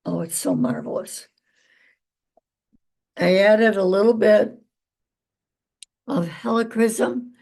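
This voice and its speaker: A woman's voice: mid-range voice, creaky. An older woman, a traditional naturopath, chatting homily in a casual vlog about family, her garden and home remedies. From United States. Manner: chatty, homey, with fillers and warm asides.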